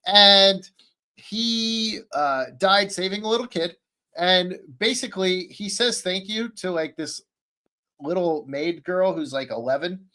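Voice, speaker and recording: A man on a streamed podcast call, recapping an anime in a rambling, excitable way, full of fillers and restarts. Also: high voice, measured pace. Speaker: podcast panelist. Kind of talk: casual chat, recapping an anime.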